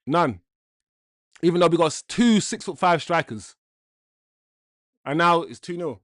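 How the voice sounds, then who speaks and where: Male watch-along host, frustrated rant full of curses, fairly high voice, dry close sound. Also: expressive, measured pace, fairly bright tone, no echo. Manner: exasperated ranting with frequent swearing; repeats himself while venting. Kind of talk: live football watch-along commentary.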